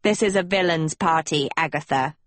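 A woman voicing a proud, guarded teenage villain girl in an audiobook, with a low, quiet, measured delivery. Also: dry recording. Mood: cold. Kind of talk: audiobook character voice.

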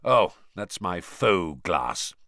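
A man reading an audiobook, voicing a gruff, suspicious, grizzled older male wizard with a growl. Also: sits low, very animated, drawn-out words, pushed and bright, no echo, studio quality, pitched below the performer's own voice, exaggerated voice.

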